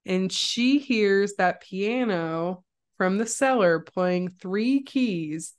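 A young woman co-hosting a podcast, casually retelling a horror film scene by scene and acting out the quotes. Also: drawn-out words. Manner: animated storyteller, acts out quotes with jumps in pitch. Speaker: podcast co-host.

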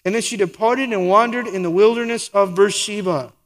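A man's voice: high-pitched, brisk, big-room sound. A man preaching a sermon as pastor, asking the congregation rhetorical questions and acting out quoted lines.

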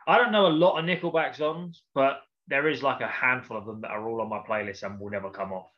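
A man in a casual podcast chat, blunt, jokey and quick to swear. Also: medium pitch. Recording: dull lo-fi sound.

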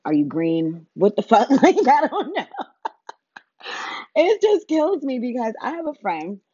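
A woman's voice: low-pitched, dark tone, no room sound, lo-fi sound. Blunt, profane woman ranting with laughs. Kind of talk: casual comedic rant.

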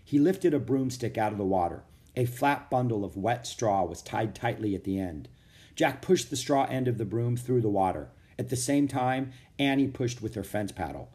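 A man reads a children's chapter book aloud with a lively, rising and falling pitch. His voice sits in an ordinary middle register. He keeps the reading steady and expressive. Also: moderate pace. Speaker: audiobook narrator. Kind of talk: storybook read-aloud.

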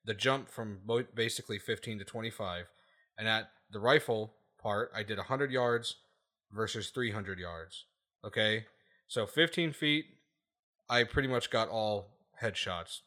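A man's voice: fairly low pitch, unhurried, sharp tone. A man hosting a casual podcast, ranting emphatically with lots of swearing and repeated "okay?" checks. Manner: profane, laughs at his own points.

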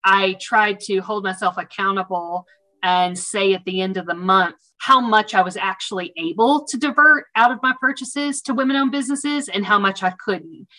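Woman interview guest telling a story, chatty and animated, self-amused. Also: medium pitch, moderate pace, rough recording. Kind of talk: casual storytelling.

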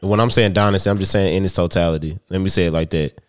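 A man's voice: low voice, steady tone, fast, clear, resonant tone. A man in casual sports talk with friends, hesitant and restarting often, with loose slang.

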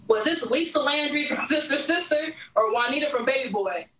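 A woman with a high, bright voice runs a casual quiz game, teasing and laughing as she goes. Her loose, profane chatter sounds roomy and echoey, as if she is standing away from the microphone. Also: expressive, a little fast, recorded from a distance, a little hiss or hum. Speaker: host. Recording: echoey room, off the mic.

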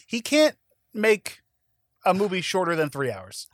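A man's voice: high voice, very animated, measured pace, dry recording, clean studio sound. A man co-hosting a podcast, talking in a playful, goofy casual chat. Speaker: podcast co-host.

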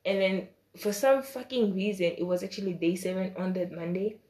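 A woman's voice: medium pitch, fairly quick, few pauses, a little mellow. A young woman, a student, telling a storytime vlog in a casual, blunt way, slipping into the voices of the people she quotes. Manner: casual and blunt, with slang and swearing.

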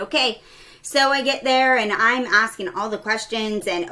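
Bright, animated woman telling a story. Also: a little high, normal speed. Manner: animated, acts out quoted dialogue. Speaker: pediatric ICU nurse, guest. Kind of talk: casual storytelling interview.

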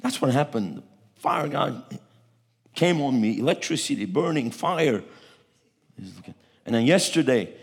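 A middle-aged man from Turkey preaching a sermon, telling a story with animated energy and acting out the people in it. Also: medium pitch, a little slow, pauses often, slightly rough. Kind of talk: testimony sermon.

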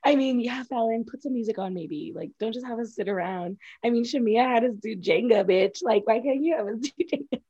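A woman's voice: on the high side, brisk, warm tone, husky, dull audio. A young woman co-hosting a casual recap chat, blunt and profane, talking with lots of energy. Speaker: podcast co-host.

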